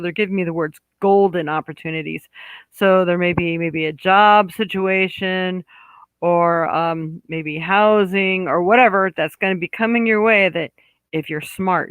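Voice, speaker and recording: High-voiced, bright-toned psychic reader. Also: male voice, clear, resonant tone, dry recording, low-quality recording. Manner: chatty, warm asides, talks to spirit aloud; frequent fillers and restarts. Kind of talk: monthly horoscope card reading.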